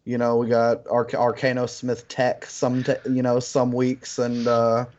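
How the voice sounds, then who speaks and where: Male co-host, mid-pitched, halting speech with fillers, casual chat, dull lo-fi audio. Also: completely flat delivery, a little mellow. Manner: halting, full of fillers and restarts.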